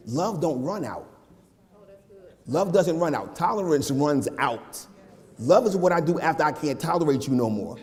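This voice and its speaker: Animated male preacher in a reverberant sanctuary. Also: medium pitch. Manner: casual, slangy, animated preaching with asides to the congregation. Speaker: minister. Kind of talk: conversational sermon. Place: church sanctuary. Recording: long hall reverb in a sanctuary.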